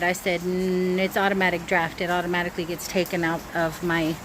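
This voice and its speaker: A woman's voice: on the low side, steady tone, a little fast, few pauses. A woman vlogging casually to her phone camera about a scam call she just got, chatty and anxious as she sets up a cookout by her grill. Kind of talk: casual vlog talking to camera. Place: outdoors by a grill. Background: wind and outdoor ambience.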